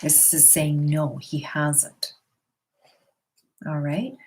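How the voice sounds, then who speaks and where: On a home live stream picked up by her computer or phone, a middle-aged woman reads tarot for viewers, voicing their questions and reassuring them chattily. She speaks low and level, drawing out her words in a slightly mellow voice.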